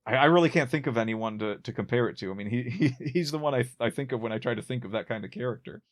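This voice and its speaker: Speaking quickly in a mid-range voice, this man co-hosts a podcast and talks loosely about a classic sitcom. His rambling is full of restarts, and he laughs at his own jokes.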